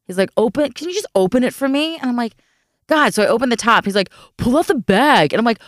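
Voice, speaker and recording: A woman co-hosting a podcast, telling stories in a lively way and acting out what people said. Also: fairly high pitch, quick pace, no echo, clean studio sound. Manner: animated storyteller acting out quotes. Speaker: podcast co-host. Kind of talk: casual chat.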